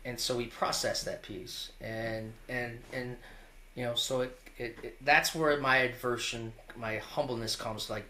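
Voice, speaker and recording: A middle-aged man with a bright, forceful voice, a wrestling coach talking openly as an interview guest. He speaks in earnest, looping storytelling, restarting phrases and tagging them with "right?". A faint hum sits behind him. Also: medium pitch, steady tone, normal speed. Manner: earnest, restarts often, tags lines with "right?".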